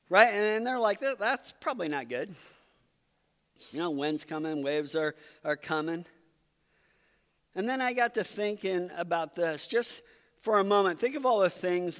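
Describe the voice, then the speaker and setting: High-voiced man preaching in a reverberant hall. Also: fairly bright tone, smooth. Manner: conversational, earnest storytelling preaching. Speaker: pastor. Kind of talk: sermon.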